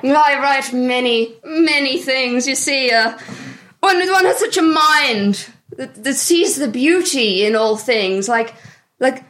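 A woman's voice: sits high, takes it slowly, fairly bright tone. A woman voicing a snooty, witchy fortune-telling writer who looks down on others, talking in a haughty, theatrical way. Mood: pompous.

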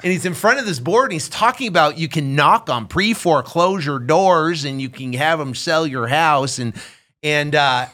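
Bright-voiced animated male storyteller. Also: a little high, moderate pace. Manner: animated storyteller, acts out quotes. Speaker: real estate investor guest. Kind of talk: casual storytelling interview.

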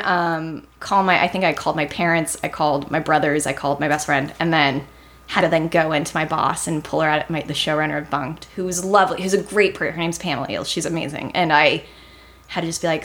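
A woman's voice: low voice, fairly quick. A young woman, a TV writer, chatting in an interview and acting out the people in her stories. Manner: animated, acts out quotes in a raised voice. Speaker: TV writer guest. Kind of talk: casual interview storytelling.

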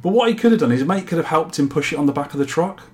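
Reading listener feedback on his podcast, this chatty, jokey host keeps laughing at his own quips and adding jokey asides. He talks in a slightly high, animated, rapid-fire voice with a darkish tone.

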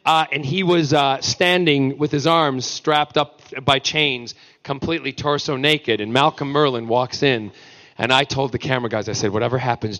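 A man's voice: medium pitch, a bit bright. A man, an actor guest on a fan panel, telling playful stories and acting out the quotes in voices. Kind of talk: convention panel storytelling.

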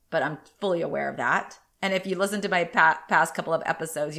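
A woman in her thirties hosts a solo podcast, chatting candidly and ramblingly while sounding a little congested. Her voice is low-pitched with a fairly bright tone.

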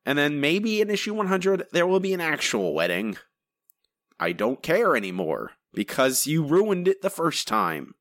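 A man co-hosting a podcast in casual chat, rambling and animated, jumping up in pitch when he mimics others. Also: moderate pace, no room sound. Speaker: podcast co-host.

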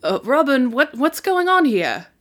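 A woman doing an awkward British man whose put-on accent keeps wobbling. He stammers and repeats himself, pitched a little high and nervous. It is a tabletop game voice done live. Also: very animated, a little slow, a bit bright, heavily acted. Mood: flustered. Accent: wavering put-on British. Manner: stammering, flustered.

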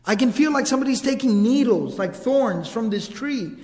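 A man's voice: expressive, moderate pace, a little mellow. A man playing a panicked older man who screams that he is being hurt and begs his family for help. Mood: anguished. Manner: frantic, pleading, raised high voice. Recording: long hall reverb.

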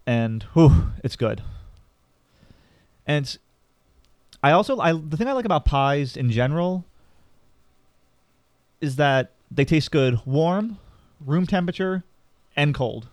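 A man's voice: on the high side, expressive, takes it slowly, pauses often, darkish tone, no room sound, studio quality. A man co-hosting a podcast, chatting casually with firm opinions and a teasing manner, recorded indoors. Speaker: podcast co-host. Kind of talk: casual chat. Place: indoor room.

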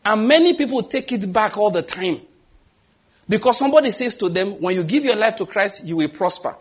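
A middle-aged Nigerian man delivers a sermon in a high, husky voice. His pitch leaps around as he plays out both sides of each story, and he often breaks into laughter at his own jokes. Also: expressive, brisk. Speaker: pastor.

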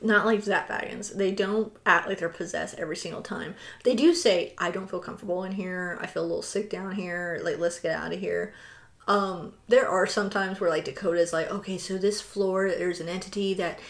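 A woman's voice: on the low side, fairly even intonation, moderate pace. Chatty woman podcaster who laughs often. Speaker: podcast co-host. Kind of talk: casual chat.

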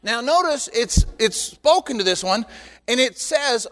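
Older pastor guy, pretty high voice, lively jokey sermon, long church reverb. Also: unhurried. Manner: animated, joking asides to the congregation. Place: church sanctuary.

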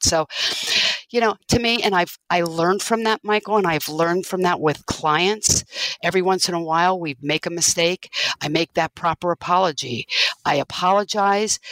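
A woman's voice: lowish voice, fairly bright tone, no room sound, rough recording. Earnest woman business owner, dry sound. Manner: earnest, reflective, many restarts. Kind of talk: conversational interview storytelling.

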